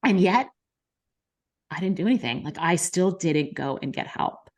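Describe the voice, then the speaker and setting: A woman's voice: on the low side, animated, moderate pace. A woman in her thirties, a podcast host, frankly telling a personal story in casual conversation, with many fillers. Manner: frank, many likes and ums, emotional retelling.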